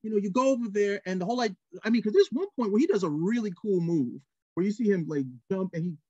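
Animated man co-hosting a film review. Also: high voice, quick pace, no room sound, highs cut off. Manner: animated, rambling with restarts. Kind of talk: casual review chat. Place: TV studio.

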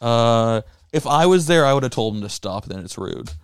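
Rambling, animated male podcast co-host. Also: medium pitch, normal speed, clean tone, dry recording, clean studio sound. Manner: rambling storyteller, laughs mid-sentence. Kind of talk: casual comedic podcast banter.

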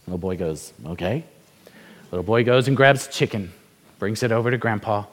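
A man's voice: on the low side, fast. A man preaching a sermon, telling a story and asking the congregation rhetorical questions in a conversational way. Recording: reverberant hall.

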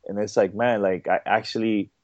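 Podcast guest: man with a lowish voice, stop-start and chatty, on dull, dry audio. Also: steady tone, darkish tone, no room sound. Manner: halting, repeats words, many fillers. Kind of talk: casual interview chat.

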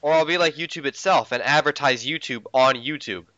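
A man's voice: fairly high pitch, brisk, pushed and bright, dry recording. A man co-hosting a podcast, joking and bragging sarcastically with his friends. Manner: boastful, sarcastic banter. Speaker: podcast co-host. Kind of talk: casual joking chat. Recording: dull lo-fi audio.

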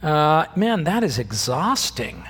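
A man's voice: a little high, slow pace, breathy edge, long reverb tail. A man preaching a sermon as pastor, talking conversationally and acting out the quoted lines. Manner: conversational, acts out quoted lines with lively shifts.

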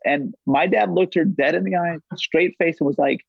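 A man's voice: on the high side, moderate pace, gravelly, breathy edge, no echo. A man in his forties, a podcast guest, telling loose, rambling stories with lots of "like" and free swearing. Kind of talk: casual storytelling chat. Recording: dull, dry lo-fi audio.

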